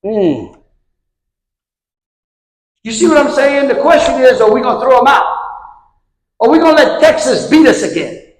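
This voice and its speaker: A man's voice: extremely high pitch, sing-song, normal speed, long pauses. A middle-aged man with a Louisiana accent giving a folksy luncheon speech, telling anecdotes and tossing rhetorical questions to the crowd. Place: large event hall at a luncheon. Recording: echoey hall with long reverb.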